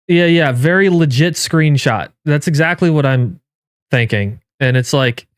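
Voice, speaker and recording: A man streaming live, reacting in casual commentary with incredulous, swearing outbursts that jump up in pitch. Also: a little slow, clear, resonant tone, dry recording, clean studio sound. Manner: incredulous, swearing, rising to yelps of disbelief. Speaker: game streamer and YouTuber.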